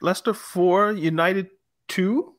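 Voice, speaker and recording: A man hosting a casual football podcast, talking in a lively, jokey way. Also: high voice, slow pace, no room sound. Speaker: podcast host.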